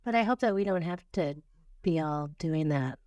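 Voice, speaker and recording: Smooth-voiced woman podcast co-host. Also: sits low, animated, a little mellow, no room sound, clean studio sound. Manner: teasing, quick back-and-forth replies. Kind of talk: casual podcast chat.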